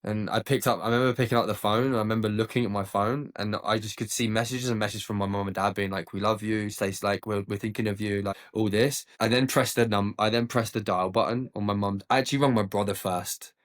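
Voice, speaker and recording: A young man with a fairly low voice recounts a hard experience as a podcast guest. His talk is loose and casual, dotted with "like" fillers, and it turns emotional at times. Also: fairly even intonation, quick pace, few pauses. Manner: frequent "like" fillers, emotional retelling. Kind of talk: casual storytelling.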